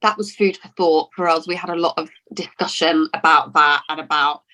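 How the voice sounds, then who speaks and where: A woman's voice: sits low, fairly even intonation, normal speed, bright, forceful tone. A woman from Lincoln in England, an actress talking in a casual interview, chatty and full of restarts and repeated words. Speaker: actor being interviewed.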